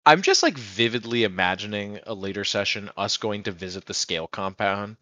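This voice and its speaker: A man's voice: on the low side, moderate pace, pushed and bright, no echo. A man chatting casually as a player in a tabletop game, joking, laughing often and swearing freely.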